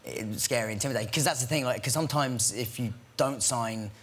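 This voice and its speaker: A man's voice: mid-range voice, a little fast, fairly bright tone. A young man on a chat show talking loosely about his work, filling his talk with "like". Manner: loose and casual, full of "like". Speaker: actor guest.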